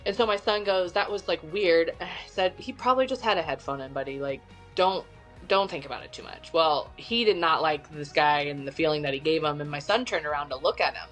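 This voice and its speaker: A woman's voice: sits low, a little fast, soft background music. Chatty Midwestern American woman telling a tale. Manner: animated, chatty storyteller. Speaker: podcast guest. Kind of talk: casual storytelling.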